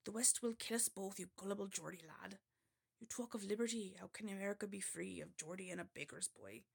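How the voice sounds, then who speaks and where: A woman's voice: mid-range voice, a little fast, creaky, husky. A woman trying a West Country accent to voice a young male baker's boy turned stargazer, reciting rhymes playfully. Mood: chiding. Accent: West Country, attempted.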